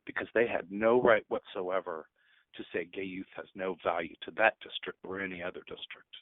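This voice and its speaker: A man's voice: deep voice, moderate pace, dry recording. A man in his fifties, a teacher and guest on a radio show, speaking earnestly and at times choked up. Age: 50s. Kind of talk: emotional radio interview. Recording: tinny phone line.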